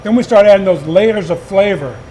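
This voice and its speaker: A man's voice: high-pitched, brisk, mellow, slight background noise. A man hosting a food show, enthusiastic and folksy as he tastes. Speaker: show host. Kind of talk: casual food show chat.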